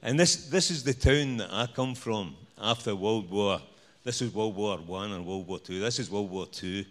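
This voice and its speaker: A man's voice: on the low side, normal speed, fairly bright tone. Rambling, joking Scottish man on stage. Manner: rambling, jokey, full of "you know" fillers. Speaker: speaker at a presentation night. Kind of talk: live stage talk with slides.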